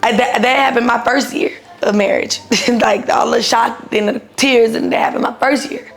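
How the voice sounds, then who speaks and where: A woman in her thirties tells a story in a blunt, profane, animated way, voicing each person she quotes. Her voice sits a little high and has a gravelly, fried edge. Faint music plays behind her. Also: normal speed. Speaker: guest telling her own story. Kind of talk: casual storytelling.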